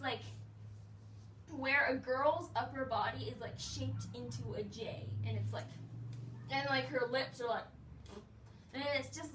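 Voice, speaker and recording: A woman's voice: high-pitched, bright, forceful tone. A woman telling a rambling story in casual speech, full of "like", acting out the voices of the people in it. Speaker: vlogger. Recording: roomy echo, a bit distant, faint noise.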